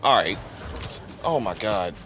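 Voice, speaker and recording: A man's voice: on the low side, animated, slow pace, fairly bright tone. A young man, sick and a bit worn in the voice, ranting in exasperation as he comments on a game he is playing. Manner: ranting, exasperated, heavy use of "freaking". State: sick, voice affected. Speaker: gaming YouTuber. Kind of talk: casual gameplay commentary.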